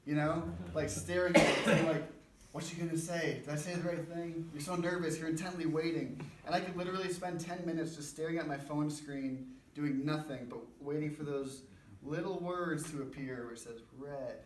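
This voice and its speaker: A man's voice: on the high side, fairly even intonation, moderate pace. A young man giving an informal, conversational sermon at a church men's breakfast, with a self-deprecating manner. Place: church gathering room. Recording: roomy, distant mic, faint background noise.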